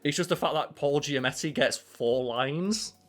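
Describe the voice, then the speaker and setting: A man's voice: a little high, normal speed, fairly bright tone. A man co-hosting a podcast, riffing and joking profanely in casual chat. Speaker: podcast co-host.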